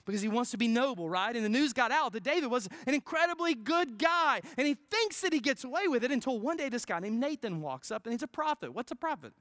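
A pastor delivering a sermon in an informal storytelling way, swinging from loud, high emphasis to near-whispers and often adding "right?". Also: animated, quick pace, hardly any pauses, no room sound, clean studio sound. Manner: peppers phrases with "right?".

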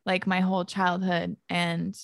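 Young woman guest on a podcast, chatty, lots of "like", creaky fry, dry close sound. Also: on the low side, monotone, unhurried, no echo. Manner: chatty, fills speech with "like", laughs often. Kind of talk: casual conversation.

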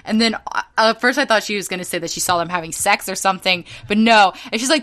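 A woman's voice: mid-range voice, fast, hardly any pauses, bright, forceful tone. A young woman co-hosting a casual podcast, telling rambling stories with lots of fillers and restarts. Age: young adult. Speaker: podcast co-host.

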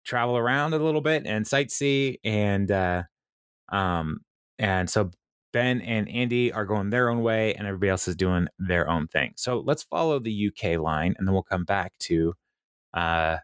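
Chatty low-voiced man recapping a show. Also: moderate pace, a bit bright, clear, resonant tone, no room sound, studio quality. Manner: rambling, many fillers, laughs at own retelling. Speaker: podcast host recapping a TV show. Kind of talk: casual chat.

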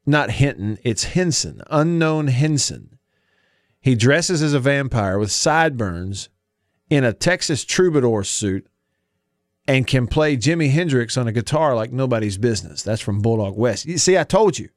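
Man, talk radio host, rambling, chatty, mid pitch, dry studio sound. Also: sing-song, normal speed, dry recording. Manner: rambling, chatty, self-interrupting. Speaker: radio sports show host. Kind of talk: talk radio chat with live ad reads.

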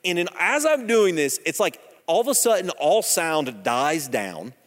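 A man's voice: a little high, sing-song, a little slow. A man in his thirties preaching a sermon in a church, telling a personal story in a conversational, joking way. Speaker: pastor. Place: church sanctuary. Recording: long hall reverb.

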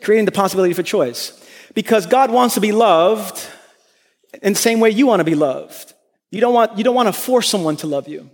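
A man's voice: high-pitched, a little fast, big-room sound. A man preaching a sermon as a pastor, telling stories and acting out the voices in them. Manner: animated storytelling, acts out voices.

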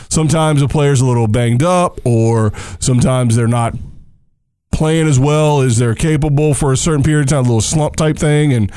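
A man co-hosting a casual tennis talk show, who is also a coach, animated and jokey, firing off emphatic rhetorical questions. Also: mid-range voice, dry recording, clean studio sound. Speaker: tennis podcast co-host. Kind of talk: casual sports chat.

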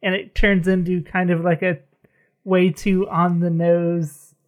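A woman's voice: on the low side, little pitch movement, a little slow, a little mellow. A woman co-hosting a podcast in casual chat, wry and chatty, often laughing as she talks. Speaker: podcast co-host.

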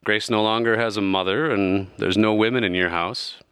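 Guy doing a calm goddess lady, slow and stately, deep bright voice, dry room. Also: clear, resonant tone, no room sound, natural voice. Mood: solemn. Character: calm, solemn female goddess of life.

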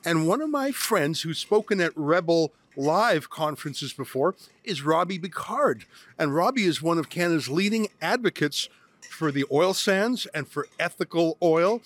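A man in his fifties hosts interviews at a conference. His voice sits fairly high, and he talks briskly with strong emphasis. The recording is dry and close. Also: lively intonation, fairly bright tone, dry recording. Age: 50s. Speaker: host.

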